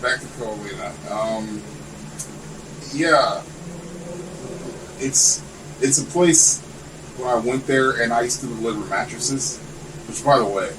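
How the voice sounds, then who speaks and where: A man guesting on a podcast tells long, rambling stories in casual, profane chat, animated and swearing a lot. His mid-range voice is slow, with long pauses, picked up by a distant mic with a faint air-conditioner hum.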